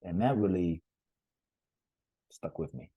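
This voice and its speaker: Low husky-voiced man telling a story. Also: animated, takes it slowly, no echo, lo-fi sound. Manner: earnest, emphatic, heartfelt. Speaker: podcast guest, author and retreat leader. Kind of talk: conversational storytelling interview.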